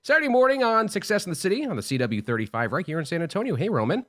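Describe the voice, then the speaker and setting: A man's voice: sing-song, rapid-fire. A man hosting a radio debate game show and refereeing it in a playful announcer style. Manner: playful announcer delivery, big swings in pitch. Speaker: host and referee.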